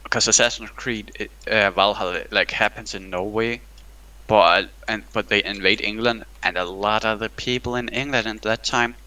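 A young man with a bright, forceful voice sits somewhere on the lower side of the pitch range. He talks in loose, rambling bursts, swearing and joking with a friend over a game. It is casual gaming chat, full of laughs and restarts. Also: fairly even intonation, normal speed, rough recording. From Denmark.

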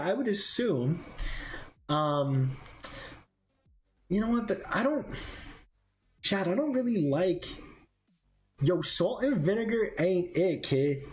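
Animated man chatting on an art stream. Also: a little high, a little hiss or hum. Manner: thinks aloud while drawing, reads and answers chat; animated, jumps between musing and excited bursts. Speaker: artist streamer. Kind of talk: casual live art stream chat.

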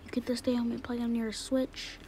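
A woman playing a mother in a home-made family skit, talking softly and reassuringly, often half-whispered. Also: a little high, level tone, fairly quick. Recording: noisy home recording.

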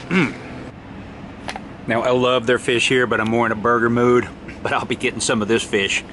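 A man's voice: mid-range voice, little pitch movement, normal speed, pauses often, fairly bright tone. A middle-aged man talks casually into a handheld camera. He is enthusiastic and keeps exclaiming over his food. Faint outdoor noise runs underneath. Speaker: outdoor vlogger. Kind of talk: casual vlog narration.

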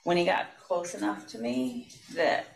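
A school principal giving courtroom testimony, speaking haltingly with restarts and trailing off. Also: mid-range voice, big pitch swings. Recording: roomy courtroom audio, distant mic, faint hiss.

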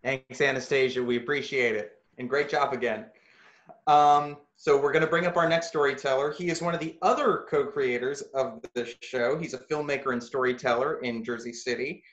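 A man's voice: medium pitch, fairly even intonation, normal speed, fairly bright tone. A man hosting a streamed storytelling show and introducing the next storyteller with dry teasing humor. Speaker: host. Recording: roomy, dull sound.

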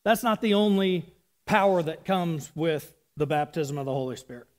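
A man's voice: a little high, lively intonation, moderate pace. A man in his thirties giving a casual, chatty sermon with asides. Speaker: preacher.

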